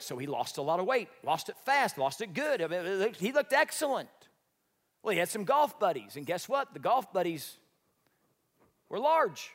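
A man's voice: high-pitched, in a large hall. A man preaching a sermon, emphatic and full of rhetorical questions. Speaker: pastor.

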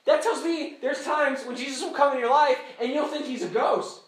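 A man's voice: very high voice, moderate pace, fairly bright tone. A man preaching a sermon as pastor at a camp gathering, talking casually and animatedly, often laughing as he goes. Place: camp meeting hall. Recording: echoey hall.

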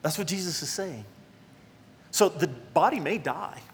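A man's voice: a little high, lively intonation, measured pace, long reverb tail, a little hiss or hum. A male pastor preaching a sermon in a conversational, emphatic way, speaking straight to his congregation.

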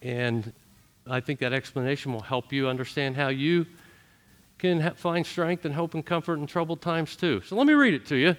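Middle-aged male pastor, sermon, earnest storyteller, a bit high-pitched. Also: fairly bright tone. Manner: earnest storytelling with shifting voice for quoted thoughts.

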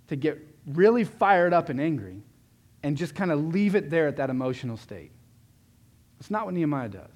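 A man preaching a sermon as a pastor, earnest, often swelling louder and then dropping low for emphasis. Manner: earnest, rises and drops in loudness for emphasis.

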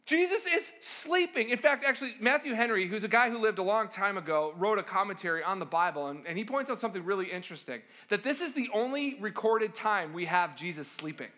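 A male pastor delivering a sermon in a high, bright voice that rises and falls a great deal. He talks to the congregation conversationally, keeps checking in with rhetorical questions, and throws himself into acting out the people he quotes. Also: animated, fairly quick, hardly any pauses. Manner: acts out quoted voices dramatically.

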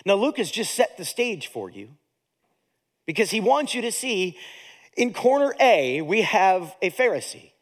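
A man with a high voice preaches a sermon as pastor, unhurried and lively, keeping it conversational while weaving jokes and acted-out voices into his teaching.

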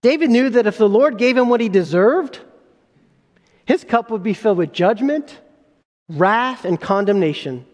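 A man with a very high voice preaches a sermon, earnest and emphatic, often restarting his phrases. His words ring out with a long reverb, as in a large hall. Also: lively intonation, normal speed, a little mellow. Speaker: pastor.

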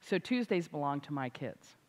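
An older woman, a grandmother and author, preaching a sermon with animated, emphatic delivery. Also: low voice, normal speed. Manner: animated, rising to loud emphatic exclamations. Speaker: Christian speaker and author. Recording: hall reverb.

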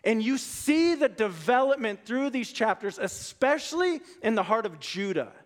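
A man preaching a sermon to a live congregation in a room, reading scripture aloud. He talks in a casual, conversational way and swings between hushed asides and loud emphasis. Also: very high voice, expressive, moderate pace. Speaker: pastor.

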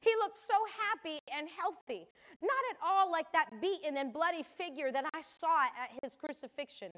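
A woman's voice: high-pitched, expressive, moderate pace, fairly bright tone, pitched above the performer's own voice. An older woman voicing a devoted mother from scripture, reading her diary entries earnestly and with feeling. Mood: joyful. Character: grieving then joyful mother of a holy son.

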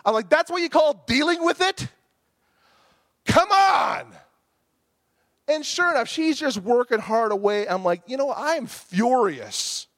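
A man's voice: sits high, no echo, studio quality. A man, preaching a sermon and telling a story about himself, acting out his own angry outbursts.

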